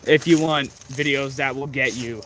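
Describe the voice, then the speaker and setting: A man's voice: mid-range voice, steady tone, normal speed, a bit bright. A man chatting casually on a livestream as he walks through woods by a creek, rambling with many fillers and restarts. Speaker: livestream host. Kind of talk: casual livestream chat while walking. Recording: faint outdoor background noise.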